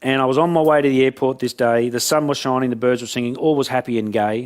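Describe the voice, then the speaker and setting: A man giving a talk, telling jokey stories in an animated way. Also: mid-range voice, fast talker. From Australia. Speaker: motivational speaker. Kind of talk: storytelling keynote talk.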